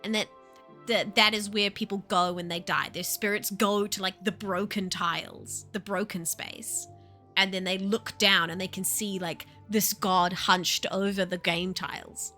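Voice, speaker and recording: Bright-voiced New woman streamer. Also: medium pitch, measured pace, faint music behind. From New Zealand. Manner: animated, laughing often, swearing. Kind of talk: casual livestream chat.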